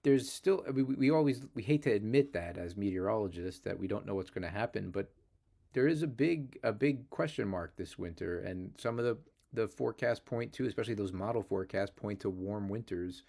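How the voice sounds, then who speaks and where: A man hosting a weather discussion, explaining forecasts in a measured way. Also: on the low side, animated, vocal fry, dark tone. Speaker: meteorologist host.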